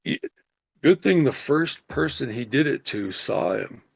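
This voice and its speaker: A middle-aged man co-hosting a podcast, telling a story in casual, animated chat and swearing freely. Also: medium pitch, measured pace, no room sound. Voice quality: gravelly, husky. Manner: animated, profane storyteller who yells quoted lines. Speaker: podcast co-host.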